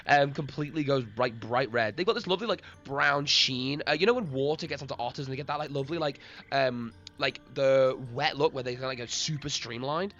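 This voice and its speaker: A man's voice: mid-range voice, a little fast, a bit bright. Rambling man running a streamed tabletop game. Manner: rambling, laughs often, addresses chat. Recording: lo-fi stream with faint music.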